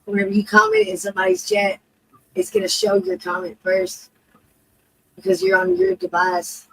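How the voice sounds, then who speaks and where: A woman chatting casually on a stream, rambling and swearing, with a gravelly edge. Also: extremely high pitch, animated, moderate pace, a little hiss or hum, poor audio. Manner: rambling, swears, many you-know-what-I-means. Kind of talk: casual chat.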